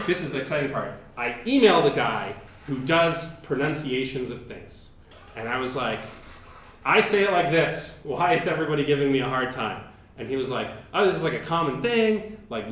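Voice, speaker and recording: A man's voice: mid-range voice, a bit bright, slight background noise. Casual lecturing man in an echoey room. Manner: casual, chatty explaining with many fillers. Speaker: professor. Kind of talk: university lecture. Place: lecture hall.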